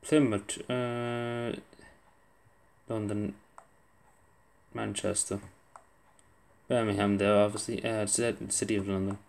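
A man's voice: fairly low pitch, flat delivery, slow pace, gravelly, long pauses, a little mellow. A young man giving casual gameplay commentary, muttering to himself and swearing under his breath as he plays. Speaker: gaming video creator.

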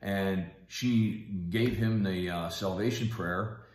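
A man sharing a personal family testimony in a soft-spoken, halting way, with frequent pauses. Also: low-pitched, reverberant.

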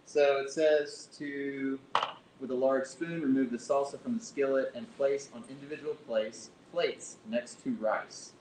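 A man's voice: steady tone, measured pace, a little mellow. A man hosting a live cooking demonstration, reading recipe steps aloud and chatting casually as he plates food. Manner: chatty, self-correcting, reads recipe aloud. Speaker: cooking show host. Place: library kitchen room. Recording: echoey kitchen with faint rumble.

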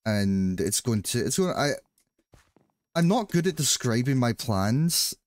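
A man's voice: mid-range voice, big pitch swings, a little slow, no echo. A man with a Glaswegian Scottish accent chatting casually and joking with viewers while playing a game, rambling with frequent restarts. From Scotland. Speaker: livestreamer. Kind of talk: casual chat while gaming.

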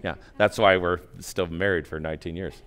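A man in his forties, a pastor, telling a personal story in a sermon, acting out his own inner voice and swinging from quiet asides to loud outbursts. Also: low voice, steady tone, moderate pace. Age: 40s. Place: church.

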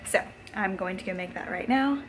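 A woman's voice: medium pitch, normal speed, noisy background. A young woman chatting casually in a video blog, talking with frequent fillers. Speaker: vlogger. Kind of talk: casual vlog chat.

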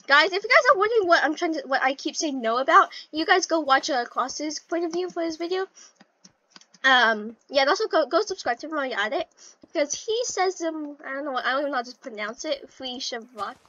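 A young woman with a high, bright voice chatters through her gameplay, swinging from silly sing-song to panicked yelling. The sound is a little dull and lo-fi, like a cheap home mic. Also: expressive, brisk, no echo. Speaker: gaming channel host. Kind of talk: casual gameplay commentary.

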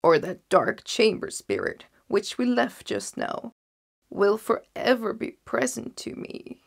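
A woman voicing a grim old miser man in a storybook reading, gravelly and slow. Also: mid-range voice, sing-song, heavily acted. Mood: pleading.

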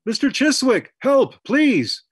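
A man voicing a panicky young male centaur soldier who yelps in a high, loud voice. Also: lively intonation, unhurried, slightly rough, no room sound, studio quality. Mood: panicked.

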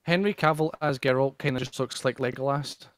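A man's voice: mid-range voice, steady tone, brisk. A man co-hosting a podcast, making wry, teasing comments in casual chat. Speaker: podcast co-host.

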